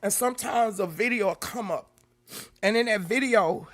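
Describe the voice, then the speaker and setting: Hosting a casual YouTube livestream, a woman greets viewers by name and speaks straight to the chat. Her medium-pitched voice moves at normal speed, swinging emotionally between loud exclamations and soft near-whispers.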